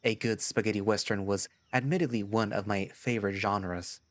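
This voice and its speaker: A man narrating a first-person story in a lively storytelling manner. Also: lowish voice, moderate pace, no echo. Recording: music playing behind.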